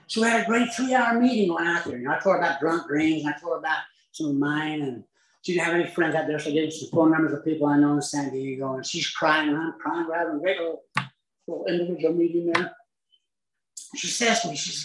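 A man from Utah telling a humorous personal story as a speaker at a recovery meeting, with lively asides and chuckles. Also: on the high side, fast talker, reverberant, rough recording.

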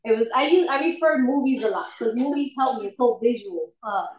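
A woman's voice: a little high, lively intonation, fairly quick. A woman giving a candid personal recovery testimony at a meeting, laughing often as she tells her story. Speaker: speaker sharing at a recovery meeting. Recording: echoey room.

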